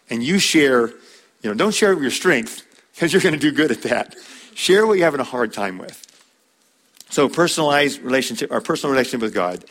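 Man teaching a relaxed church class. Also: medium pitch. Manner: conversational, repeats words, with fillers. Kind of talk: church marriage lesson.

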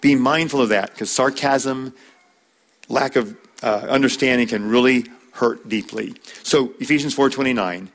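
A man's voice: mid-range voice, normal speed, a bit bright. A man teaching a church class on marriage, talking in a conversational way, repeating words and using fillers.

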